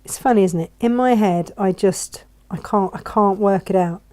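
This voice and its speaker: A woman's voice: medium pitch, normal speed, warm tone. Chatty woman sewing. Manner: chatty, self-mocking, talks to herself while working. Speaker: sewing vlogger. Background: sewing machine.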